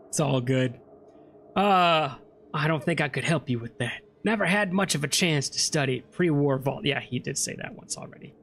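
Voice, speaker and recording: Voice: medium pitch, expressive, a little slow, creaky, long pauses, fairly bright tone, a little hiss or hum. A let's play host giving casual gameplay commentary, chatty and joking while reading game text aloud.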